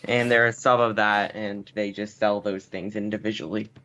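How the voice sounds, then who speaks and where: A man's voice: fairly low pitch, level tone, normal speed, sharp tone. A man from Canada, a guest on a casual podcast, talking in a laid-back, wry way with lots of fillers.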